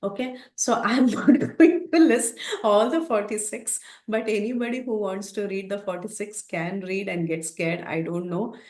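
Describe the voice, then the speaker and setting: A woman's voice: medium pitch, moderate pace, few pauses, darkish tone. A woman teaching a scripture class, telling the story expressively and acting out its characters, recorded in a roomy space. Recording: roomy echo.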